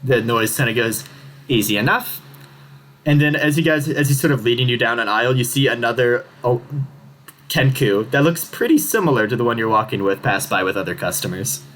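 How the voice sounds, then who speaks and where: A man's voice: medium pitch, brisk, a bit bright. A man narrating a tabletop game as game master, casual and rambling, laughing often.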